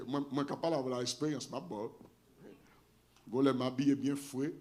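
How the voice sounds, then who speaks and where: A middle-aged man with a Haitian accent preaching a storytelling sermon. He switches between languages and raises his voice to shout for emphasis. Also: mid-range voice, steady tone, normal speed, long pauses. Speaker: pastor.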